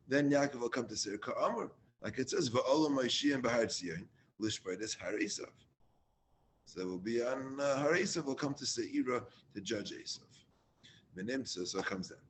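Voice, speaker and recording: A man's voice: fairly low pitch, a bit bright, a little hiss or hum. A man leading a Torah class, reading Hebrew lines and explaining them in casual English with restarts.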